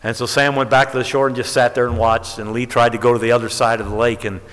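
Guy preaching a sermon, storyteller type, gets loud and high for the big lines, big churchy reverb. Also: flat delivery, fast. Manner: storytelling, rising to emphatic high peaks. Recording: long hall reverb.

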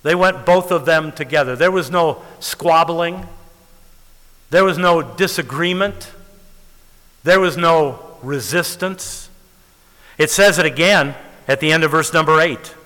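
A man delivering a sermon in a high, bright voice. He stretches out important words and falls to near-whispers for effect. The sound rings with the long reverb of a large hall. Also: animated. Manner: dramatic preaching with slow stressed words. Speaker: preacher.

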